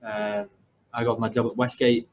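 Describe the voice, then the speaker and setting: Gravelly and very animated, a young English podcast host speaks at a moderate pace and medium pitch. He rambles through his story in a casual, self-deprecating way with many fillers and restarts. The recording is lo-fi, slightly dull, with faint background noise.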